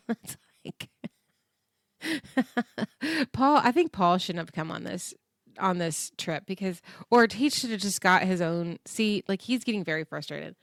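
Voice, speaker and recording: A woman hosting a casual recap podcast, chatty and animated, often laughing and acting out quotes in other voices. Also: fairly low pitch, moderate pace, gravelly, no echo, studio quality. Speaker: podcast host recapping a reality show. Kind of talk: casual chat.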